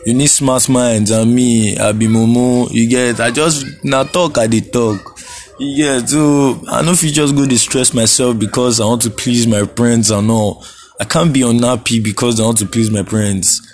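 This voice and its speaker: A man's voice: mid-range voice, fairly even intonation, normal speed, a little mellow, soft background music. A young Nigerian man hosting a casual solo podcast, laid-back, laughing often and slipping into Pidgin phrases. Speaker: podcast host.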